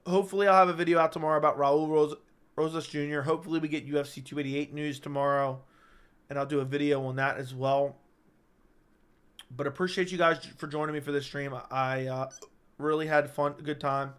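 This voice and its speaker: A man with a slightly raised voice hosts a relaxed live-stream chat, reading viewer comments and answering them. He is stuck with hiccups, so his sentences come out halting and keep restarting. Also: a little high, smooth. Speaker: MMA channel host.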